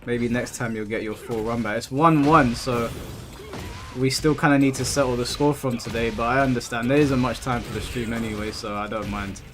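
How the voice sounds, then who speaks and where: Casually chatting over game music, a man in his thirties reads out his stream's chat, often stumbling and saying words twice. His mid-range voice stays steady in tone and runs a little fast.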